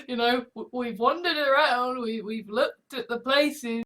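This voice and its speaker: A woman's voice: a little high, slow, long pauses. A woman talking casually and profanely, acting out other people's reactions as she rants. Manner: profane, animated, acts out quoted reactions. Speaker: host. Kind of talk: casual ranting commentary.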